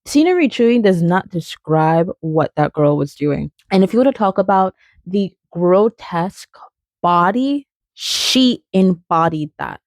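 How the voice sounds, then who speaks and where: A woman's voice: on the low side, expressive, a little slow, no echo. A young woman talking casually through a film critique, chatty and playful with frequent fillers and tangents. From outside England. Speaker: video essayist. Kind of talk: casual spoken video essay.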